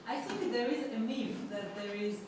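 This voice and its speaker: A young woman from Vladivostok, a student giving her view in a thoughtful, halting way. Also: on the high side, a crowd in the background. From Vladivostok, Russia. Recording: echoey hall, far mic, noise.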